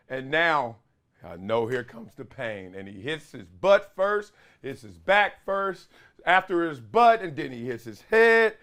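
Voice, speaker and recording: A man talks straight to his viewers in a loose, slangy monologue, his voice a little higher than most men's. He tells stories in an animated way, breaking into loud exclamations. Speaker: show host; father and youth coach. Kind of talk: casual solo talk-show monologue.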